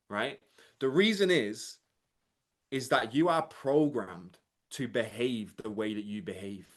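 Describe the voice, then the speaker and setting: A man gives a motivational coaching talk to viewers in a live chat. His pitch sits in the middle range. He speaks emphatically and keeps checking in with his listeners. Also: animated, measured pace, a bit bright. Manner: emphatic, keeps asking "right?" to the audience. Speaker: mindset and business coach.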